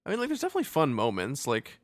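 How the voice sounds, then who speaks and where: A man's voice: medium pitch, wildly swooping pitch, rapid-fire, no room sound, clean studio sound. A man co-hosting a podcast, rambling casually about a movie, laughing often and acting out silly quotes. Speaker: podcast co-host. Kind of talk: casual movie review chat.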